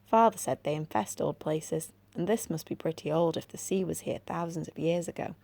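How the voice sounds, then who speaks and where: A brave, earnest young boy in a storybook, firm when he needs to be, as a woman reading aloud puts him on. His voice is mellow and dark in tone. It carries a slight gravel. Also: sits low, normal speed.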